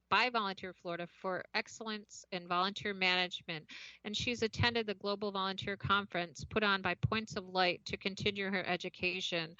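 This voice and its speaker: A chatty woman podcast host with a bright, forceful voice introduces her guest. The sound is dry and a little dull, like a remote call recording. She trips over a word now and then and laughs it off. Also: medium pitch, clean tone, no room sound. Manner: chatty, stumbles over words and laughs them off.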